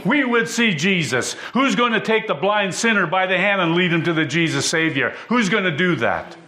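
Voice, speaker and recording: A man preaching a sermon in a church, listing names in a steady rhythm and rising to fervent exclamations. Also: sits high, normal speed.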